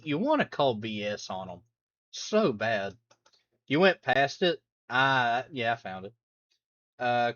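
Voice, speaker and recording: A man's voice: mid-range voice, animated, unhurried, fairly bright tone, muffled recording. A man chatting casually on a live stream while reacting to videos, rambling, laughing and humming along.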